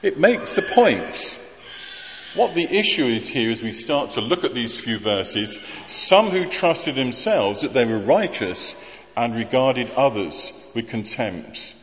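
A man preaching a sermon in a relaxed, conversational way, with wry humor and rhetorical questions. His pitch rises and falls freely. The sound is slightly muffled and carries the long reverb of a church. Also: takes it slowly.

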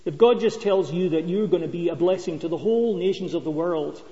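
A man's voice: sits high, a little fast, warm tone. A man preaching a sermon, telling stories and asking the congregation questions. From Scotland. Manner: storytelling, conversational with rhetorical questions. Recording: dull lo-fi sound with long reverb.

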